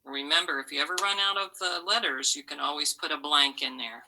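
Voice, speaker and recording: A woman teaching a recorded phonics lesson to young children, modeling words slowly syllable by syllable. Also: deep voice, steady tone, pushed and bright, rough recording. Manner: slow, patient, syllable-by-syllable modeling. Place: online video lesson.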